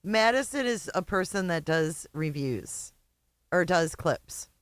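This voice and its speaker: Slow, low-voiced sarcastic woman host. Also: lively intonation, no room sound. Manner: amused, sarcastic, laughs often. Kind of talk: livestream commentary reacting to clips.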